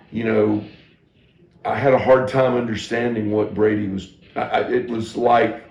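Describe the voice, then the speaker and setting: Gravelly middle-aged pastor in an echoey room. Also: male voice, medium pitch, a little mellow. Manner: candid, self-deprecating storytelling with frequent restarts. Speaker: pastor and teacher. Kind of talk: personal teaching talk to ministry staff.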